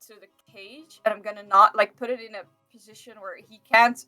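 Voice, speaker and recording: A young woman talks through her character's moves in a bright, forceful voice. She rambles and hesitates, piling up fillers. Faint music sits behind her. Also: mid-range voice, fairly even intonation, a little fast. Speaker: player. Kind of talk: tabletop role-play chat.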